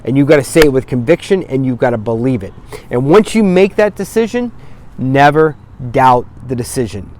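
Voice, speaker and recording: A man's voice: medium pitch, expressive, normal speed, darkish tone, a little hiss or hum. Male sobriety coach, plain mid voice, emphatic and profane, motivational talk to camera. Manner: blunt, emphatic, swears for emphasis. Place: outdoors on a cloudy day.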